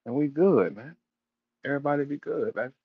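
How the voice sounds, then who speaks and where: A man's voice: medium pitch, fairly quick, breathy edge, dry recording, phone-quality sound. A man hosting a battle rap audio room, telling stories and taunting a rival in a profane, casual rant. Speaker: battle rap show host.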